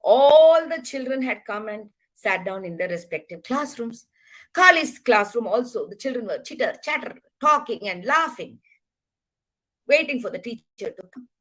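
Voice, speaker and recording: Animated woman telling a children's story. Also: fairly high pitch, normal speed, poor audio. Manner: expressive, animated, addresses listeners.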